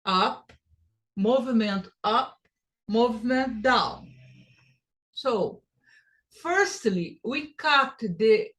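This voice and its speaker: A woman teaching English pronunciation, repeating phrases to show stress and rhythm. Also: medium pitch. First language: Portuguese. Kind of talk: pronunciation lesson.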